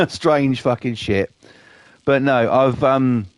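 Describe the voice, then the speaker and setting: A man's voice: medium pitch, extremely slow, no echo. A British man chatting casually on his live stream, rambling and swearing a lot.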